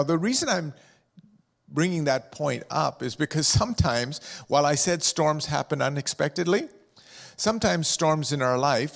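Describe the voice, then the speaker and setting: A man's voice: medium pitch, creaky. A middle-aged man preaching a sermon in church, chatty and jokey, telling stories and asking the room questions. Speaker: pastor and district superintendent. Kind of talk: sermon with humorous storytelling. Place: church hall with a live congregation. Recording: long hall reverb.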